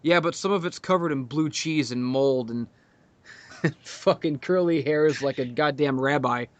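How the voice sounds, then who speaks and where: A man's voice: fairly high pitch, unhurried, no room sound. Profane storytelling man on a podcast. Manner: profane, storytelling, laughs a lot. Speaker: podcast guest. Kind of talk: casual crude podcast chat.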